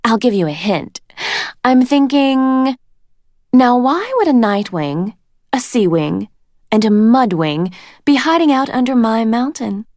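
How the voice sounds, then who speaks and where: A woman's voice: mid-range voice, expressive, a little slow, a bit bright, no room sound, studio quality, pitched above the performer's own voice. A woman voicing a cruel, teasing female dragon queen from a storybook, mocking and drawn out. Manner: mocking, sing-song and drawn out.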